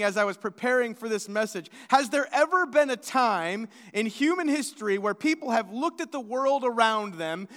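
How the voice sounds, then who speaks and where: Pastor guy preaching, really high voice, lots of echo trailing off in a church hall. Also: a bit bright. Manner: earnest, with frequent restarts and stammers. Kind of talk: sermon. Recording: long hall reverb.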